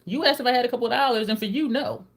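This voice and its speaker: A woman in her thirties chatting casually to her viewers and telling animated, profane stories, laughing often and acting out what people said. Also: a little high, rapid-fire. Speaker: YouTuber.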